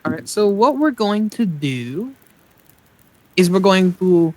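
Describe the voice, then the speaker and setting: A man with a fairly high voice talks through a survival game as he plays it. He rambles and thinks aloud, and he pokes fun at his own mistakes in a casual, self-mocking way. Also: sing-song, slow pace, long pauses, no echo. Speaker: let's play host. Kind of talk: casual gameplay commentary.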